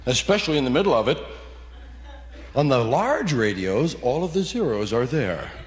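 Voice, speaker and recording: A man's voice: mid-range voice, big pitch swings, moderate pace. A man musing in a rambling, conversational way. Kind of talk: reflective radio talk. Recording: long hall reverb.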